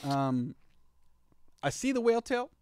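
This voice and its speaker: Rambling, animated man telling a crude story. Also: fairly high pitch, unhurried, smooth. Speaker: podcast co-host. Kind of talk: crude comedic banter.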